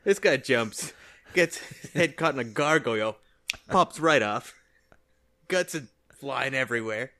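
A man on a casual podcast retelling scenes with animated storytelling, laughing often. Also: medium pitch, measured pace, long pauses. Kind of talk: casual chat.

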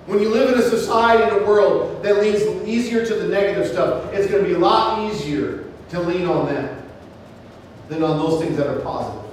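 A middle-aged male pastor preaching a sermon, earnest, slowing down for scripture quotes. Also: sits high, a little hiss or hum. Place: church sanctuary. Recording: echoey hall, mic in room.

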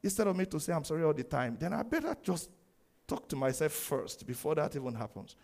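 A man preaching a sermon, animated, laughing often and acting out the quoted lines. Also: on the high side, fast talker, gravelly. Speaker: pastor.

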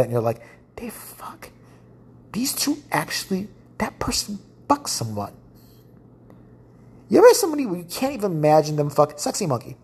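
Female podcaster with a deep, husky voice; profane, blunt solo rant that swings up and down in pitch. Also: a little mellow. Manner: profane, blunt, ranting with frequent restarts. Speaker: podcast host.

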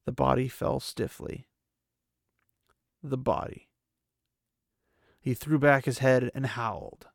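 A man's voice: medium pitch, steady tone, slow, creaky, pauses often, no room sound, studio quality. A man hosting a podcast, reading a fantasy novel aloud and chatting about it in an earnest, self-deprecating way. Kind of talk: book reading with casual commentary.

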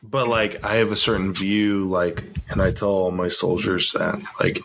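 A man with a fairly low voice hosts a podcast, talking in a loose, rambling way full of filler words. He sounds relaxed and unhurried. A faint hiss sits behind him in the recording. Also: vocal fry. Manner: rambling and laid-back, full of "like" and "you know". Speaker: podcast host. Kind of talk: casual podcast chat.

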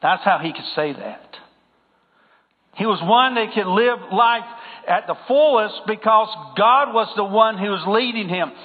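A man's voice: high voice, unhurried. A man preaching a sermon in an emphatic style, repeating phrases and putting questions to the congregation. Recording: phone-like sound with long hall reverb.

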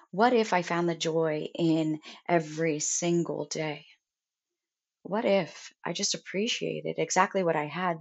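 A young woman, a mother, talking earnestly and deliberately about gratitude in a reflective self-help monologue. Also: lowish voice. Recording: dull lo-fi sound.

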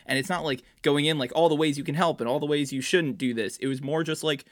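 A man's voice: fairly high pitch, fast, no echo, clean studio sound. A young man co-hosting a podcast, talking earnestly with plenty of hedging fillers. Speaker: podcast co-host. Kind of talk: casual podcast chat.

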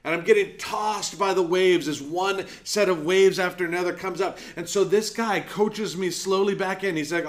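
A man's voice: sits high, normal speed, hardly any pauses. A middle-aged man, a pastor preaching a sermon and telling a personal story, often acting out the lines he quotes.

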